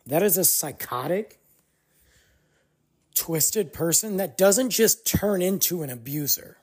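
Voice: medium pitch, lively intonation, slow, long pauses, darkish tone, husky. A podcast host giving a casual commentary monologue, speaking emphatically and acting out quoted dialogue.

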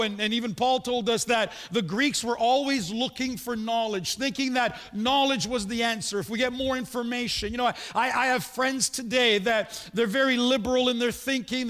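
A man preaching a sermon in a big hall, his very high voice trailing off into long reverb. He talks to the congregation in a conversational way, throwing in rhetorical questions and quick personal anecdotes. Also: fairly bright tone. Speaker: pastor.

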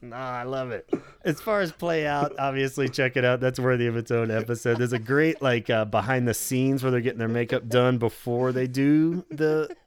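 A man's voice: medium pitch, steady tone, normal speed, clear, resonant tone. A man co-hosting a podcast in casual chat, rambling and swearing, with lots of filler "like". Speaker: podcast co-host.

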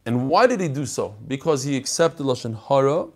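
A man's voice: medium pitch, animated, a little fast, a little mellow. A man teaching a text study lesson, explaining passages and animatedly acting out the story.

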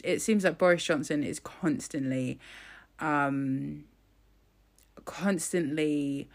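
A woman giving casual, opinionated commentary in a blunt, scornful way, swearing freely and filling pauses with "um". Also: low voice, creaky.

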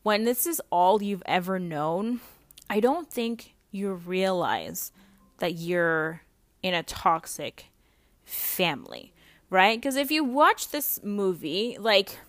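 A woman's voice: mid-range voice, sing-song, takes it slowly, no room sound. Blunt, chatty woman podcaster. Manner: chatty, blunt, swears freely, many "like" fillers. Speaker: podcast host. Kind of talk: casual personal podcast monologue.

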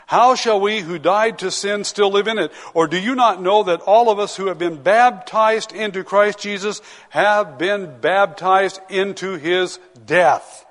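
High-voiced pastor preaching in an echoing church. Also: male voice, fairly bright tone. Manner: earnest, emphatic, slows down to read scripture. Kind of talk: sermon. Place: church sanctuary. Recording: long church reverb.

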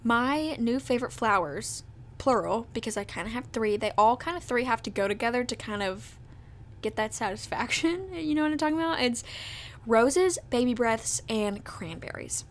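A woman's voice: a little high, lively intonation, moderate pace, a little hiss or hum. A woman in her twenties hosting a podcast, chatting casually and bubbly, full of "like" and "literally". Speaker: podcast host. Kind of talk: casual chat.

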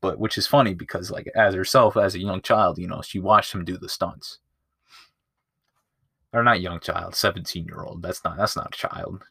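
A man with a lowish voice recaps a movie on his podcast in a loose, rambling way, swearing freely and doubling back. He is recorded close up, and the sound is dry. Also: fairly even intonation, normal speed, gravelly, pushed and bright, husky, no echo. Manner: rambling, profane, loses his place. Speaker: podcast host. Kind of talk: casual movie review chat.

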